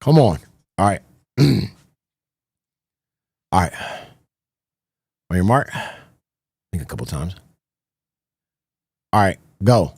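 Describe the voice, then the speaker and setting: A man streaming live, chatting casually to his viewers, excitable and swearing often, repeating himself. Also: low-pitched, takes it slowly, pauses often, breathy edge, no echo.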